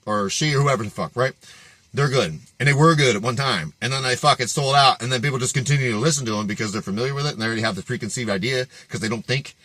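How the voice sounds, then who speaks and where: A man's voice: medium pitch, fast talker, pushed and bright, no echo. A man in a swearing, mocking rant as a fitness vlogger, laughing between lines. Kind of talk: profane rant.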